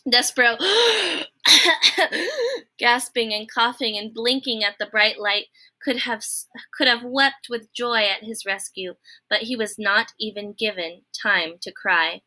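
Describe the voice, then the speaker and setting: A woman reads a children's novel aloud in a friendly, expressive way, talking straight to her listeners. Her voice is bright and fairly high. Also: a little slow. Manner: expressive, friendly, addresses the reader. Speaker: storybook reader.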